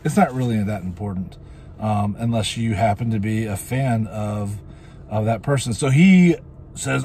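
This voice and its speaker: A man's voice: fairly low pitch, measured pace, mellow, slight background noise. Rambling man recapping an episode. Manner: rambling, goofy asides, many fillers. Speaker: show reviewer.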